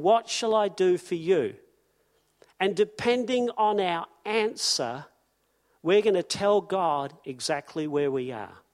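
A man preaching a sermon in an earnest manner, repeating key phrases for emphasis. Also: high-pitched.

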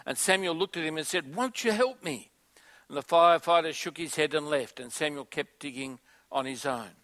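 High-voiced preacher telling a story. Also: male voice, sharp tone. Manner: storytelling, building to emphatic call-and-response. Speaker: pastor. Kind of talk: sermon.

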